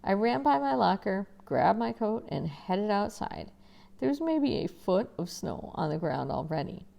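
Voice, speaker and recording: A woman teacher reading a novel aloud in first person, expressive and conversational, with casual asides to listeners. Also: mid-range voice, a little slow, creaky.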